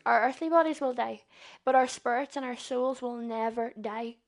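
A young woman with a Northern Irish accent preaches in a chatty, earnest way. Her voice sits high, and she keeps turning to her listeners with questions. The talk sounds loose and unscripted, more like a conversation than a formal sermon. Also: normal speed. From Northern Ireland. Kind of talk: informal sermon.

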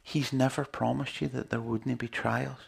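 A man's voice: mid-range voice, little pitch movement, moderate pace, gravelly, breathy edge. A man preaching a sermon in an earnest, conversational way, with lots of rhetorical questions to his listeners.

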